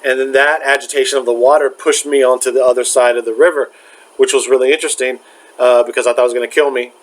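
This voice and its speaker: A young man, a spiritual vlogger, tells a dream in a casual, rambling way, halting often with lots of fillers and restarts. His voice is medium-pitched with fairly even intonation, and the recording is rough.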